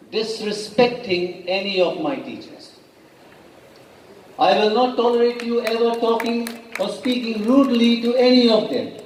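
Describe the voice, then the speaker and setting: A man's voice: sits high, slight background noise. A man, a school principal addressing parents at a meeting in a firm, emphatic way. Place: large school hall. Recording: echoey hall heard from a distance.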